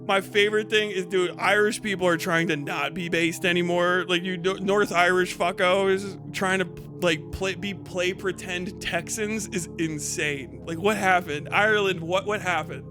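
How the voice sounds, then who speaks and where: A man's voice: high-pitched, steady tone, normal speed, hardly any pauses, music in the background. A man hosting a livestream, ranting casually in a profane, rambling way and laughing often. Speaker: livestream host.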